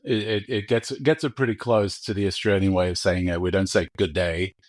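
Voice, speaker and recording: A male podcast host with a fairly low voice, talking in a loose, friendly way. He jokes around and laughs often while keeping the conversation moving. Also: a little fast. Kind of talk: casual conversational interview.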